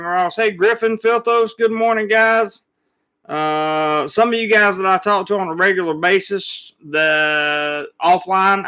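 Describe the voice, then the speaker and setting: Male livestream host, slightly high, gravelly voice, chatty and loose. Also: a bit bright. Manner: greets viewers by name, chatty. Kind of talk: casual live chat. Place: Thailand.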